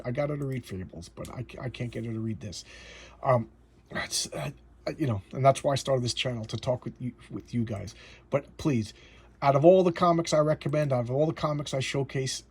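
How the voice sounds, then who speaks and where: A man hosting a comic book channel, retelling a story in a halting, emotional way and often repeating words. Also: medium pitch, husky.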